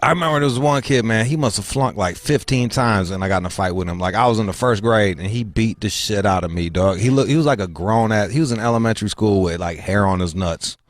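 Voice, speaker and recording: Profane animated male talk host. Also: fairly low pitch, fast talker, hardly any pauses, dry recording. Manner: profane, animated, laughs often. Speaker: show host. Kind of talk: casual talk show chat.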